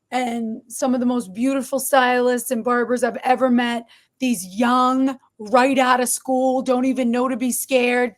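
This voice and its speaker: A middle-aged woman, a podcast guest telling her story in an animated, expressive way. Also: a little high. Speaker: podcast guest, barber shop owner. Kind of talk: storytelling interview.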